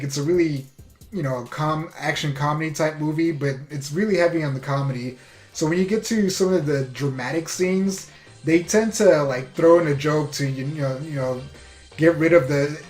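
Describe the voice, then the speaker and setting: A man with a slightly high voice gives a casual movie review, eager and loose, leaning on "you know" and "like". The room sounds echoey, with faint music under him. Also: darkish tone. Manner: enthusiastic, full of "you know" and "like".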